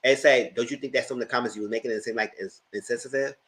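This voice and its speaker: A man hosting a casual TV review, talking in an animated, blunt way and swearing freely. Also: mid-range voice, very fast, poor audio. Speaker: show recap host.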